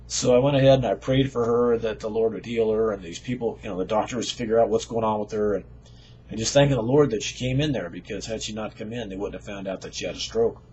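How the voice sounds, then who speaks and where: A man's voice: on the low side, fast, darkish tone, slightly rough, dull audio. A man casually telling a personal faith story in a conversational, folksy way. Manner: conversational, folksy, with fillers and chuckles. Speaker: storyteller sharing a faith testimony.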